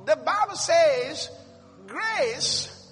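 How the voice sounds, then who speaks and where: High-voiced, slow, emphatic male preacher. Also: animated, a bit bright. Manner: emphatic preaching, declaring blessings. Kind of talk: sermon with Bible reading. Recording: long hall reverb with faint music.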